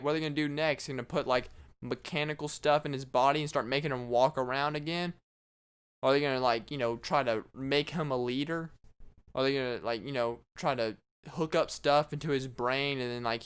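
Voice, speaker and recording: A man's voice: medium pitch, a bit bright, clear, resonant tone. A man hosting his own casual podcast, talking alone in a sarcastic, rambling and mocking way. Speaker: podcast host. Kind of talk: casual solo podcast monologue.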